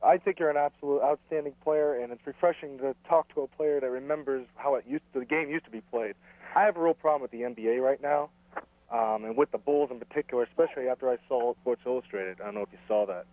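A man calling in to a radio show as an eager fan, chatty and quick with his questions. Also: medium pitch, no echo. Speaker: caller. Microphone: telephone. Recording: thin phone line.

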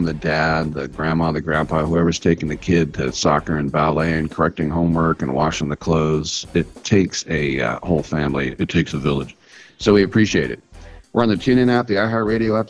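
A man hosting a live sports talk radio show with a jokey, rambling manner and a groggy morning voice. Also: sits low. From San Francisco Bay Area. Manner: jokey, rambling, self-mocking.

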